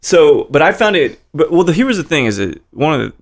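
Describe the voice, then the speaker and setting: A man's voice: a little high, big pitch swings, a little fast. A man hosting a podcast, chatting casually and animatedly with offhand swearing. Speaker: podcast host. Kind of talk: casual interview chat.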